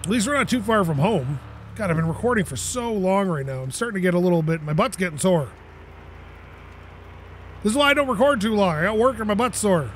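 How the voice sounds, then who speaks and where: A man giving casual gameplay commentary at home, excitable, laughing, swearing and talking to objects in the game. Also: high-pitched, brisk, slight background noise. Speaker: gaming YouTuber.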